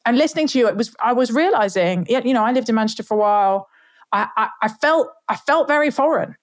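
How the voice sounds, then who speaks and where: A woman's voice: a little high, lively intonation, fast. Southern English woman hosting an interview. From Southern England. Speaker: podcast host. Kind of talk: interview conversation.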